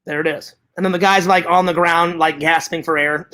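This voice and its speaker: A man's voice: high voice, steady tone, fast talker, hardly any pauses, pushed and bright. A man vlogging to his viewers in casual chat, hyper and rambling, with joking profanity.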